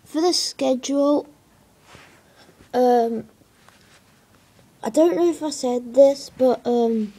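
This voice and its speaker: A woman's voice: a little high, dark tone, slightly rough. A woman giving casual gameplay commentary, hesitant and rambling with many fillers. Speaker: gaming video creator.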